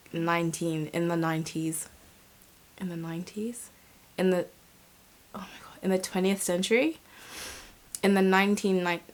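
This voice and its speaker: A young woman, chatting casually to camera in a rambling, swearing vlog. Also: fairly low pitch. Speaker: vlogger.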